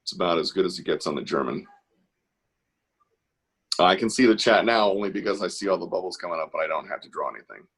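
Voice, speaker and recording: A man's voice: low-pitched, animated, fast talker, pauses often, a bit bright, slightly rough. A man hosting an online art class on a video call, chatty and encouraging as he guides kids. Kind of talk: casual live-stream instruction.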